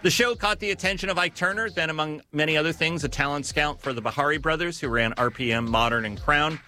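A man giving scripted narration on music history in a measured, storytelling manner with occasional self-corrections. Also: on the high side, sharp tone.

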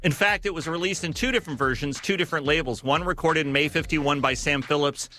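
A man giving scripted narration on music history in a measured, storytelling manner with occasional self-corrections. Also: fairly high pitch, bright, forceful tone.

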